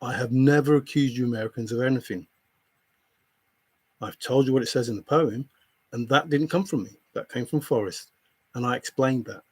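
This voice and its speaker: Husky-voiced male streamer, heated and confrontational, repeats himself, swears freely. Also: medium pitch, normal speed, pauses often, dry recording. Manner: angry, repetitive, confrontational, swears a lot. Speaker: livestreamer answering chat. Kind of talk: heated rant at a viewer.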